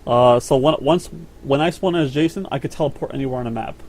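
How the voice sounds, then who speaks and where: A man's voice: medium pitch, fast talker, a little mellow. A man hosting a casual podcast chat about games, rambling and swearing, often repeating his words. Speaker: podcast host.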